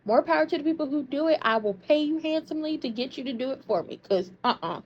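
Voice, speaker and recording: A woman's voice: sits high, animated, quick pace. A woman hosting a soap opera recap in casual commentary, sassy and slangy as she tells stories. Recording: dull lo-fi sound.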